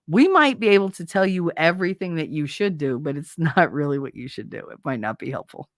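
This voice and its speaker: A woman's voice: sits low, lively intonation, brisk, few pauses, no echo, clean studio sound. Blunt, profane Jersey woman. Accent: New Jersey, with a slight Southern twang. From New Jersey. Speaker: podcast host. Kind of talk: casual opinionated chat.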